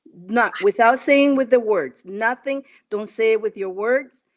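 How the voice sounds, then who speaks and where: Her voice a little high and her pace a little slow, this woman coaches viewers spiritually during a live stream. She leads them through affirmations with coaxing, repetitive guidance.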